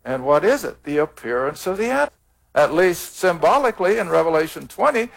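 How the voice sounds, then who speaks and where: A man's voice: on the high side, sing-song, fairly quick, vocal fry. A man teaching the Bible on a taped program, reading scripture aloud and explaining it in a plain, earnest way.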